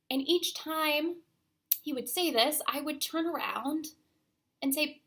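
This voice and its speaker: Young woman pastor giving a sermon, kinda gravelly voice with some fry, slow and deliberate, fades out soft at the ends. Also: high-pitched. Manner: slow, deliberate delivery that trails off to a near-whisper at phrase ends.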